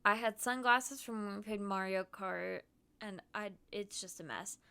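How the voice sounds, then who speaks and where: A woman's voice: mid-range voice, measured pace, vocal fry, sharp tone, smooth. A woman streamer chatting casually about her trip while showing photos, bubbly and giggly with lots of "um" and "like".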